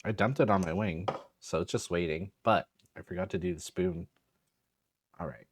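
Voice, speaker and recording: A man's voice: low-pitched, normal speed, husky, dry recording, studio quality. A man hosting a podcast, chatting casually and laid-back, saying "dude" often. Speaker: podcast host. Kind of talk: casual chat.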